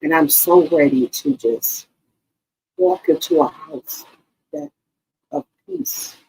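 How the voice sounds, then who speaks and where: Woman channel host, low gravelly voice, heartfelt, swoops up and down. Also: wildly swooping pitch, takes it slowly, darkish tone, low-quality recording. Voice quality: emotional, repeats herself, addresses viewers directly. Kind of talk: casual heartfelt talk to viewers.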